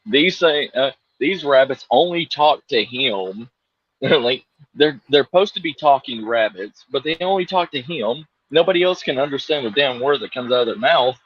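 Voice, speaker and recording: A man co-hosts a casual live-stream chat, drawling along at an unhurried pace and breaking into laughter often. His voice is husky and the sound is dry and a little dull and muffled. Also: medium pitch, animated, no echo. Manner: laughs often, drawn-out rambling talk. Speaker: co-host of a live survival chat show.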